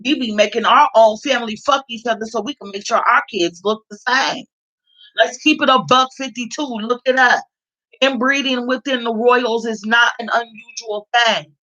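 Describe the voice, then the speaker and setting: Blunt, foul-mouthed woman ranting, slightly high voice. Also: normal speed, bright, forceful tone, highs cut off. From California. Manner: blunt, heavily profane, repeats herself for emphasis. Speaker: vlogger. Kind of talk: casual commentary rant.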